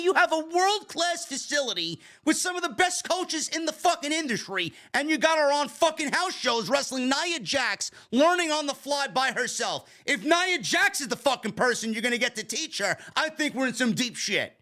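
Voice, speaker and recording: A man's voice: extremely high pitch, moderate pace, few pauses, dry recording, faint music behind. A man hosting a casual wrestling review show, reading super chats and ranting bluntly with plenty of swearing. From New York. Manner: blunt, profane, animated rants.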